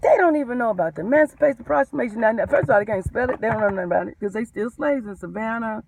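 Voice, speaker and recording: A woman, a postal mail handler, telling her story in an animated, emphatic vlog rant. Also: on the high side, rapid-fire, creaky, far from the mic, poor audio.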